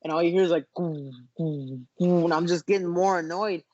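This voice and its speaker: A man, a fighter guest in a casual interview, telling animated stories with lots of restarts, over muffled video call audio. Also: sits high, fast talker, no echo. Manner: animated storyteller, frequent restarts.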